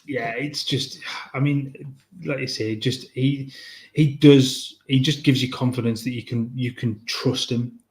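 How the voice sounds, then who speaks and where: A man's voice: medium pitch, fairly even intonation, a little slow. A man co-hosting a casual football podcast, hesitant, often restarting his sentences as he builds his point. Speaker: podcast co-host.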